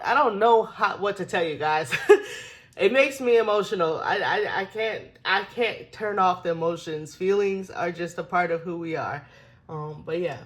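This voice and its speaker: A young woman with a low voice talks her way through a planner flip-through. She rambles and laughs often, and turns emotional as she goes. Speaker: planner vlogger.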